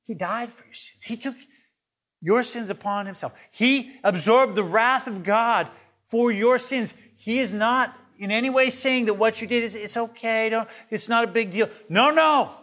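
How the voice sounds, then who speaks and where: A male pastor preaching a sermon in an earnest way, often repeating words as he builds each point and moving between loud emphasis and soft, hushed lines. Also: very high-pitched, a little slow.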